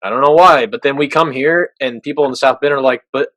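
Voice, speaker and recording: A man's voice: mid-range voice, brisk, fairly bright tone, no room sound. Texan man rambling in a dry recording. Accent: slight Texan. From Texas. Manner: rambling, restarts his sentences. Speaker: podcast co-host. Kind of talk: casual chat.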